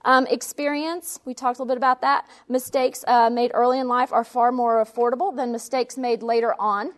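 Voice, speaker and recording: A woman's voice: on the high side, a little fast. Woman teaching a parenting class. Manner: explanatory, steady, with frequent um and uh.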